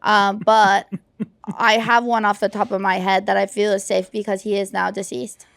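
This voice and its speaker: A woman comedian with a gravelly edge and a dry, close sound spins a playful, self-mocking story. Her voice sits at a middling pitch. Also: level tone, normal speed, fairly bright tone, no room sound. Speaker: comedian guest. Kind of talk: casual chat.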